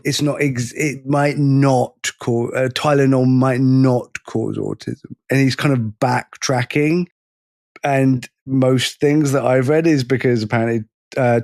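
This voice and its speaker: A man's voice: medium pitch, darkish tone, dry recording, studio quality. A young man co-hosting a podcast in casual chat, sarcastic, swearing freely and often stumbling over his words. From Britain. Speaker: podcast co-host.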